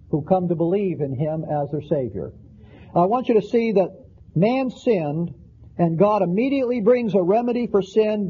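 A man's voice: sits high, slightly rough. A middle-aged man preaching a sermon, reading scripture aloud and adding folksy asides from family life. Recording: dull lo-fi sermon recording.

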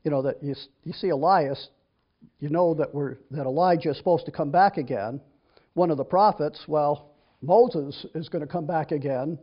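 A man's voice: fairly high pitch, normal speed. A man teaching from the Bible, reading verses aloud and then explaining them in a chatty, conversational way. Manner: reads scripture then explains it in a casual, chatty way with restarts. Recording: dull lo-fi recording.

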